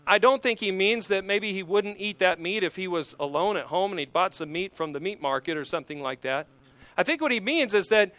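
A man preaching an expository sermon, emphatic, swelling louder on key points. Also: high-pitched, lively intonation, brisk, no echo. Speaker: pastor.

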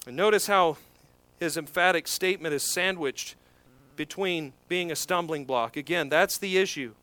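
A man preaching an expository sermon, emphatic, swelling louder on key points. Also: a little high, normal speed. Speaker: pastor.

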